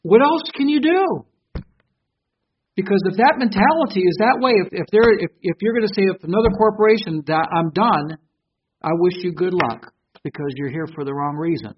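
A man preaching a sermon, swinging between loud emphasis and quiet asides, speaking into a stage microphone. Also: sits high, moderate pace, lo-fi sound, slight background noise. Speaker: pastor.

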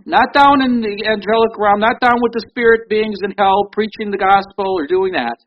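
A man's voice: high voice, moderate pace, hardly any pauses, dull audio. A man preaching a sermon in a conversational way, reading scripture aloud. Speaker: pastor.

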